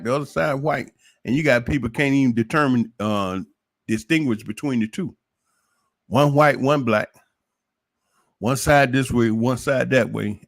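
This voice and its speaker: A man delivers an opinionated livestream monologue in a preachy, emphatic way. He keeps throwing rhetorical questions at his audience. His voice sits at an average pitch for a man. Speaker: livestream commentator.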